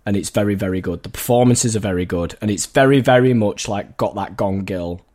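A man co-hosting a film podcast, telling rambling stories in a relaxed chat. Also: lowish voice, fairly quick. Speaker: podcast co-host. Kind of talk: casual storytelling chat.

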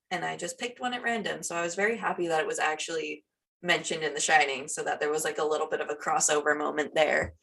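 A woman's voice: deep voice, gravelly, pushed and bright, recorded from a distance. A woman co-hosting a podcast in casual chat, chatty with many fillers. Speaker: podcast co-host.

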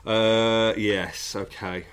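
A man's voice: fairly low pitch, fairly even intonation, drawn-out words, a loud crowd. A man, co-hosting a podcast and telling a long, wry anecdote in casual chat. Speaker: podcast co-host.

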